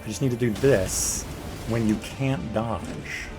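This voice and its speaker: A man's voice: medium pitch, slow. A man giving casual, jokey let's play commentary, talking to the boss as he fights it. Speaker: gaming video creator. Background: game music.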